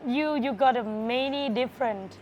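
Thai-native woman, bar owner, playful answers, fairly high voice, faint bar noise. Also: normal speed, darkish tone. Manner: playful, non-native English phrasing. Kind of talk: casual interview answers.

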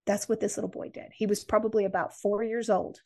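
A woman's voice: medium pitch, level tone, darkish tone. American woman telling a personal story. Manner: earnest, measured storytelling. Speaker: podcast guest.

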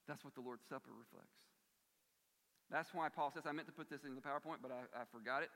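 A man preaching a sermon in a church, earnest and emphatic, swinging between forceful stress and quieter passages. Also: a little high, fairly quick, creaky, long pauses. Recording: long reverb of a large hall.

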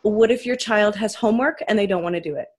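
A woman's voice: medium pitch, quick pace. A woman hosting a parenting podcast, chatting casually and asking follow-up questions to check she understands. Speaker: podcast host. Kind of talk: podcast interview.

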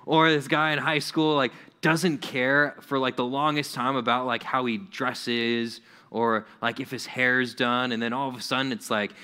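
A man's voice: medium pitch, steady tone, normal speed, few pauses, bright, forceful tone, smooth. A young adult man preaching a conversational sermon to young people, acting out little quoted voices as he goes.

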